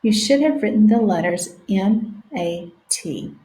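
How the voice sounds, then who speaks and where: A woman teaching a phonics lesson to young children, sounding out words slowly letter by letter. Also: mid-range voice, lively intonation, warm tone. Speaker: reading teacher. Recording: echoey room.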